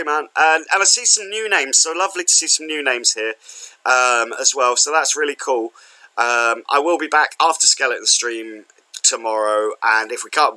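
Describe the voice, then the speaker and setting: A man's voice: medium pitch, bright, forceful tone, poor audio. A man chatting casually to viewers at the end of a livestream, rambling and self-deprecating. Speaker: streamer.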